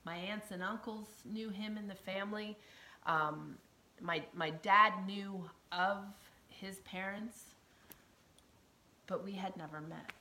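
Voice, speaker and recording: A woman earnestly telling a personal story, emotional and often dropping to a hushed near-whisper, with laughs between phrases. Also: medium pitch, takes it slowly. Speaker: storyteller sharing her testimony.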